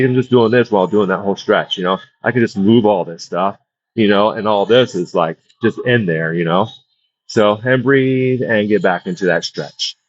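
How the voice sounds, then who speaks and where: A man talks a class through a stretching routine in a relaxed, rambling coaching manner, circling back to the same cues about breath and balance. His voice sits at an ordinary middle pitch. The recording is dull and lo-fi, with a dry, close sound. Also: dry recording. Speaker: wellness instructor.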